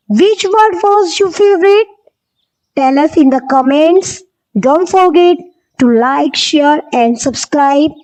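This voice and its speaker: High, sing-song woman narrating for kids. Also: poor audio. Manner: bright, sing-song and encouraging, addressing little kids. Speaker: host of a children's learning channel. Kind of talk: scripted narration for children.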